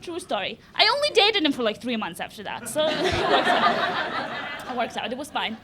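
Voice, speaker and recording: A young woman from Lithuania doing a live stand-up set in a comedy club, with deadpan, self-mocking delivery and laughs at her own jokes. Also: sits high, normal speed, very noisy.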